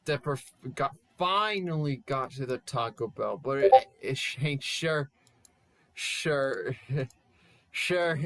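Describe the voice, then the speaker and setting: A man's voice: mid-range voice, expressive, slow pace, bright, forceful tone, no echo. Man reading a silly story aloud. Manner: stumbling, laughing at the text. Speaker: channel host. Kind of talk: comedic fan-fiction reading.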